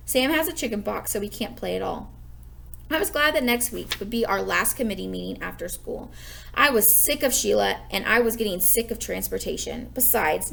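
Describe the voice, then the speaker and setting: A woman teacher reading a children's chapter book aloud to her class, lively and expressive. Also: medium pitch, vocal fry. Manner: expressive, gives characters lively raised voices.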